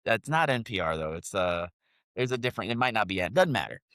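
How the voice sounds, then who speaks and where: Profane ranting man, lively swinging pitch. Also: fast, dry recording, studio quality. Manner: profane, mocking, rants with sarcastic put-on voices. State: congested sinuses, sniffing. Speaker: podcast co-host. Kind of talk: profane political rant. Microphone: separate remote mic.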